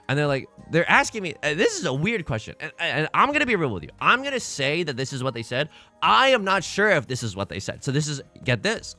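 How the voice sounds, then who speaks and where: A young man talks through a game in a casual, rambling way, swinging his pitch up and down as he tells a story. His voice is bright and forward, and he exclaims and laughs easily. Soft game music plays underneath. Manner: animated, excitable, quick to laugh and exclaim. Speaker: gaming video creator.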